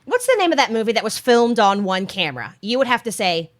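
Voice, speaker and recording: Giggly woman with a lively, high voice. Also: fast. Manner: giggly, explains rules at length. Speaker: podcast co-host running a quiz game. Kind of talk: casual chat.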